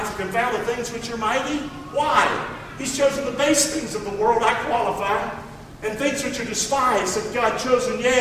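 A man preaching a sermon, reading scripture aloud and calling for responses, swinging from quiet asides to near-shouting. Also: high-pitched, noisy background. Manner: reads scripture aloud and calls for congregation response. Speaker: pastor. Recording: echoey hall, distant mic.

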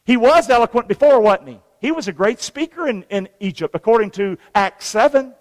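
A man's voice: very high-pitched, expressive, fairly quick. A man preaching a sermon, folksy and conversational, reading scripture aloud and calling on the congregation to repeat after him. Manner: call-and-response, folksy, reads scripture aloud. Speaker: pastor. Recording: long reverb of a large hall.

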